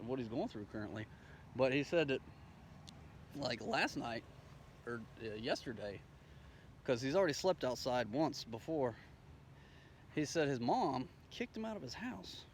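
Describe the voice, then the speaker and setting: A man's voice: mid-range voice, a little hiss or hum. A man telling a rambling, profane story in a casual way, acting out the dialogue as he goes. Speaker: storyteller recounting his day.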